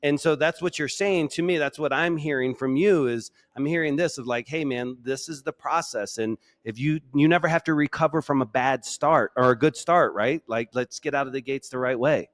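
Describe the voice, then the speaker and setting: A man's voice: a little high, fairly quick, hardly any pauses, no room sound. Enthusiastic male podcast host, dry sound. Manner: enthusiastic, frequent affirmations, builds on guest's points. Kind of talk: podcast interview.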